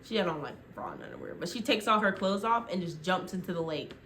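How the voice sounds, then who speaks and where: A young woman chatting through a TV recap in a loose, rambling way, dropping "like" constantly and slipping into quick quoted voices. Her voice sits a little low, recorded on a phone with a faint hum behind it. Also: animated, fairly bright tone. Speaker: vlogger. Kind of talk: casual TV show recap.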